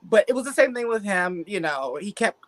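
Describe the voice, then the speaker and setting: A woman speaking frankly and a little haltingly about her past relationships in a casual group talk. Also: medium pitch, sing-song. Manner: frank, hesitant, restarts thoughts.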